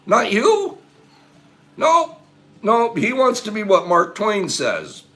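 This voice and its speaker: Male host, high and lively voice, rambling casual chat, chuckly and sentimental. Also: slow pace. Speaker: host of a morning show.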